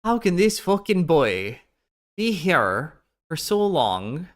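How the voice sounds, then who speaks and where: A man puts on an indignant, incredulous woman, pitched high and drawn out. The half Arabic, half Irish accent is clumsy and drifts toward Scottish. The mockery is broad and exaggerated. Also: very animated, takes it slowly. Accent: attempted half Arabic, half Irish accent. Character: mocking impression of an indignant woman.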